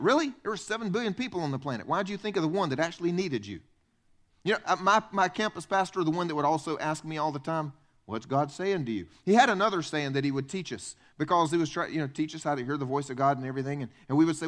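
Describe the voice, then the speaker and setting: A man with a Southern US accent preaching a sermon as pastor, in an animated, conversational way, acting out imagined people. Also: on the high side, fast talker. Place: church.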